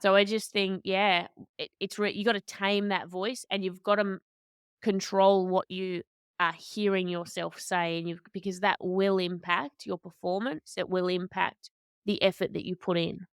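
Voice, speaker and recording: A woman, a boxer and coach telling stories as a podcast guest, candid and animated, often restarting her sentences. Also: medium pitch, normal speed, smooth, dry recording, clean studio sound. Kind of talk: conversational storytelling.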